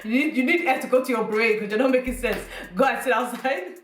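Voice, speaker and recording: A woman's voice: fairly high pitch, fast, roomy sound, faint music behind, voice pushed up, close to an everyday voice. A woman voicing a stern Nigerian mother who scolds her child in a dismissive way. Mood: scolding.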